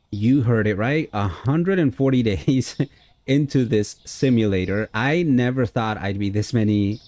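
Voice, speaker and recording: A gaming YouTuber gives friendly, casual let's-play commentary on a simulation game, chatting with viewers and dropping lots of "uh" fillers. His voice is fairly low and mellow, recorded dry.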